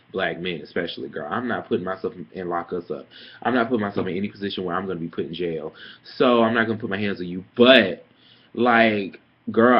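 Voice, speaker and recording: A young male vlogger launches into a sassy, profane, dramatic rant about a petty coworker, casual vlog style. His voice is low and slightly rough, and the webcam audio sounds dull and lo-fi.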